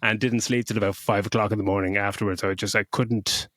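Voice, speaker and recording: A man's voice: on the low side, level tone, a little fast, fairly bright tone, no echo, clean studio sound. A middle-aged man co-hosting a podcast, gushing about a film in casual chat, swearing freely and tripping over restarts. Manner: emotional when retelling scenes. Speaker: podcast co-host.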